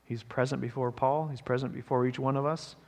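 A man's voice: medium pitch, steady tone, a little fast, darkish tone, big-room sound. A man pastor preaching a sermon in a conversational way, often checking in with the congregation. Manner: conversational preaching, frequent "right?" asides.

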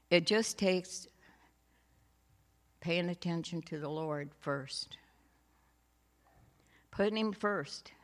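Slow-talking woman in a reverberant hall. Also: fairly low pitch, a bit bright. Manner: slow, homey storytelling with laughs and asides. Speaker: church speaker giving a testimony. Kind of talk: personal faith testimony.

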